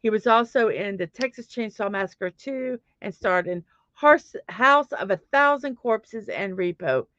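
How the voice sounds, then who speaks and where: A woman's voice: medium pitch, expressive, a little slow, hardly any pauses, fairly bright tone, no echo. A woman hosting a casual morning livestream, chatty and self-deprecating, greeting viewers by name as they arrive. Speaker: livestream host. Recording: dry, slightly muffled lo-fi audio.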